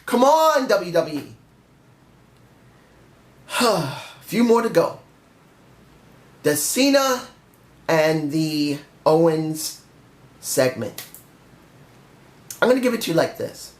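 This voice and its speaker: A man's voice: fairly high pitch, very animated, slow, pauses often. Frustrated man ranting in an echoey room. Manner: frustrated, ranting, stumbles and corrects himself. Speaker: wrestling show reviewer. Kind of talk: solo review rant.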